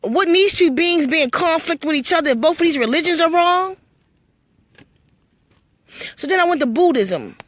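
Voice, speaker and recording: A woman's voice: extremely high pitch, lively intonation, moderate pace, pauses often, dry recording. A woman telling her spiritual story to live-stream viewers, blunt and full of swearing, preachy and storytelling. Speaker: livestream host.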